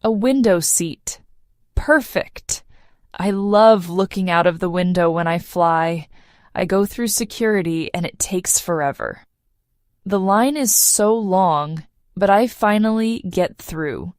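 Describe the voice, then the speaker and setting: A woman narrating a simple first-person story for English learners, clear and measured. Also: fairly low pitch, a little mellow, no room sound, clean studio sound. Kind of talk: slow read-aloud story for learners.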